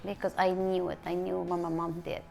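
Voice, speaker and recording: A woman's voice: on the low side, level tone, gravelly, dark tone, soft background music. Emotional woman. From Mexico City. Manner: halting, emotional retelling with many restarts. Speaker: interviewee. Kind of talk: personal interview.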